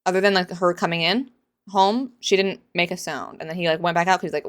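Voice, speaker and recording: A woman's voice: on the low side, fast talker. Sarcastic, exasperated young woman vlogger. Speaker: book reaction vlogger. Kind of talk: casual reaction commentary.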